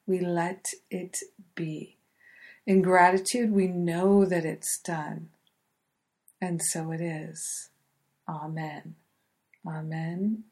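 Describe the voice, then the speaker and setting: Slow, low-voiced woman leading prayer. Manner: soft, affirming, repetitive incantatory phrasing; gentle laughter between phrases. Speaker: prayer leader. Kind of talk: guided spoken prayer.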